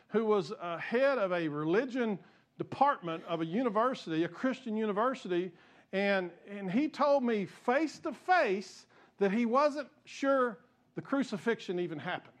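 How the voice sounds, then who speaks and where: A pastor preaching a sermon to his congregation, impassioned and repeating himself as he gets fired up. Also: high voice. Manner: repeats and restarts phrases. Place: church sanctuary.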